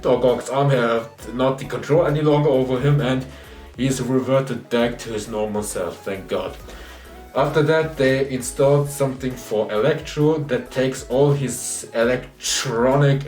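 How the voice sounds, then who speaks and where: A man excitedly recapping a film plot in a casual spoiler review, sometimes dropping his voice low to quote the characters. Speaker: movie reviewer. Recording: roomy echo, distant mic, faint music behind.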